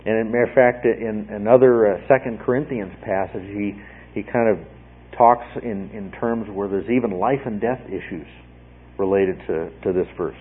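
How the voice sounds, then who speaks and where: A man's voice: lowish voice, moderate pace, husky. A man teaching verse by verse through a Bible passage, talking in a conversational way, repeating words and often checking in with "okay?". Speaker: preacher teaching a Bible study. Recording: tinny phone-like radio broadcast.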